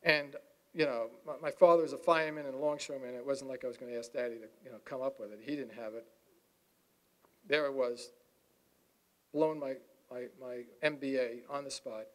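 A man in his sixties giving a talk to an audience, telling a lively personal story and acting out the dialogue. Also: medium pitch, brisk. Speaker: guest speaker.

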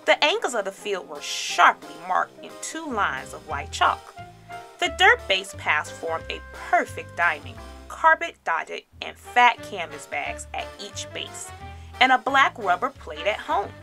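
A woman teacher reading a children's storybook aloud with expressive, animated storytelling. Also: mid-range voice, a little slow, vocal fry, soft background music.

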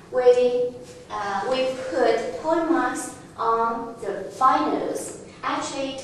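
A woman teaching a Chinese lesson in a classroom, patient and slow, often laughing and restarting her phrases. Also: fairly high pitch. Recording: echoey room from far off, faint noise.

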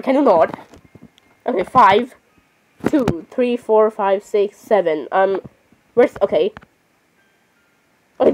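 A woman's voice: on the high side, poor audio. A woman chatting casually while playing a game, often apologizing and saying "literally". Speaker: gamer. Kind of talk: casual gameplay commentary.

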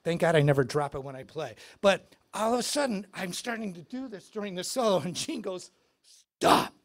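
Animated male guitar clinician. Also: sits high, fairly quick. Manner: animated, excitable storytelling. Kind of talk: live clinic storytelling. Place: music store clinic.

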